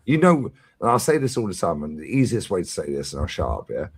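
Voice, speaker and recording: A man's voice: low-pitched, fast, husky. A man hosting a fan talk stream, telling stories in casual chat with plenty of slang and swearing. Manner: swearing, slangy, lively storytelling.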